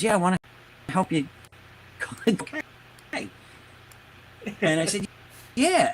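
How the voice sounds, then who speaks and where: A man who creates comics, a guest on a video call, telling his story in a halting way, searching for words. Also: medium pitch, a little hiss or hum. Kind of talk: casual interview chat.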